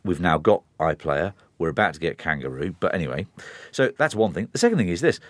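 A low-voiced man who talks quickly and forcefully, breaking into the conversation and restarting his sentences. His pitch rises and falls a lot. The studio sound is dry and close. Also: very animated, dry recording. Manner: forceful, interrupts, talks in bursts with many restarts. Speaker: media commentator. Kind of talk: studio discussion.

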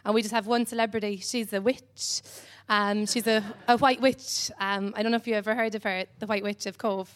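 An Irish woman from Ireland doing stand-up comedy on a club stage, rambling and dry with many pauses and "um"s. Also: medium pitch, fairly even intonation.

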